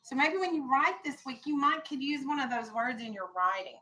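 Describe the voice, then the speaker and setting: A woman's voice: high voice, brisk, pushed and bright, low-quality recording. A woman teaching a classroom vocabulary lesson, firm and explanatory, stressing key words.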